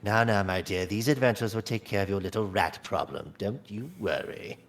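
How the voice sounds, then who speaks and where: A man voicing a small, kindly older man who talks in a soft, fatherly, soothing way in a tabletop game. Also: high voice, huge pitch swings, a little slow, slight background noise, pitched above the performer's own voice, full character voice. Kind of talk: tabletop role-play voicing.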